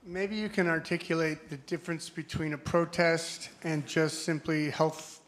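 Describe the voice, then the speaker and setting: Male audience questioner, slightly higher voice, hesitant, gropes for words. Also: steady tone, moderate pace, fairly bright tone. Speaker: audience member asking a question.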